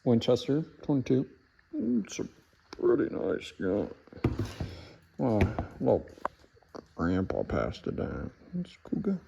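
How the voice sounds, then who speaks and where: A man's voice: mid-range voice, wildly swooping pitch, slow pace, gravelly, pauses often, highs cut off, noisy background. A young man vlogging casually outdoors on a boat, upbeat and teasing. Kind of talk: casual outdoor vlog chat.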